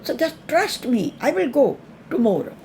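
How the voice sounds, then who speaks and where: A woman voicing a grieving demon king who speaks softly but full of anger and boasting, telling a mythological story. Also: high-pitched, very animated, normal speed, creaky, slight background noise, pitched above the performer's own voice, exaggerated voice. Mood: soft angry boasting. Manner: soft-spoken with boastful threats.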